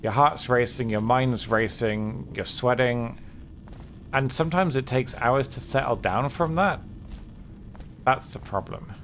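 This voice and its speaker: A man live-streaming a game, chatting casually in a candid, low-key, downbeat way. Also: measured pace, fairly bright tone, a little hiss or hum. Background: game music.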